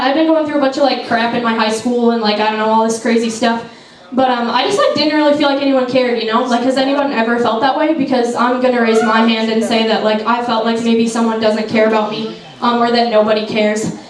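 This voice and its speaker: Young woman chatting to a crowd, high voice, lots of likes and ums, super echoey hall, mic way off. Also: recorded from a distance. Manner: chatty, heavy on fillers like "like" and "um". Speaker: event speaker. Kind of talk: casual testimony talk to a youth crowd. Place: large echoey event hall.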